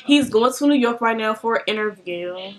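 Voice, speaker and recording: Animated young woman telling a storytime. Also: on the high side, moderate pace. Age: young adult. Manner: animated, swearing, mimics voices. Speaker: beauty vlogger.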